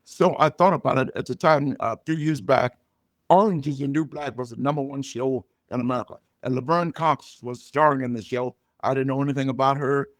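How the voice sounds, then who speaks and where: An older man, a comedian guest, telling stories and jokes in a loud, punchy way. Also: medium pitch, brisk, dry recording, studio quality. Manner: loud punchy joke delivery, animated storytelling. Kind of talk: storytelling comedy chat.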